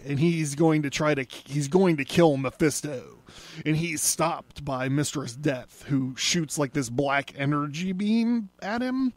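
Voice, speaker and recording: A podcast host talks through a comic book in a relaxed, unhurried way, chuckling now and then and leaning on filler words. His voice sits a bit high for a man and moves slowly. The recording is close and dry. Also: dry recording. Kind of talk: casual comic book recap.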